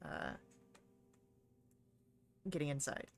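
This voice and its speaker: A woman running a tabletop game as game master, talking in a relaxed way with many fillers. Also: takes it slowly.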